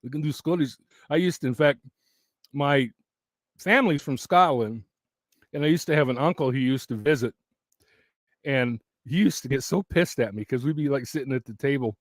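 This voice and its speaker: In a dry, clean studio recording made very close to the mic, a man speaks at medium pitch and normal speed with long pauses. He's hosting his YouTube channel in a casual live chat from home, rambling, often restarting and laughing as his voice wears thin.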